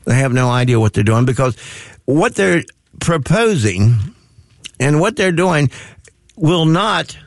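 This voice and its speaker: A man's voice: medium pitch, very animated, unhurried, no room sound. Rambling curmudgeonly male radio host. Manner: self-mocking curmudgeonly rambling with many restarts. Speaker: radio talk show host. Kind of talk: folksy talk radio banter.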